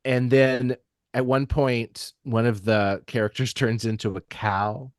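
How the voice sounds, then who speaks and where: A man's voice: medium pitch, fairly even intonation, a little slow, clean tone, no room sound, studio quality. A man co-hosting a casual chat, talking in a hesitant way with many ums and restarts. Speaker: podcast co-host.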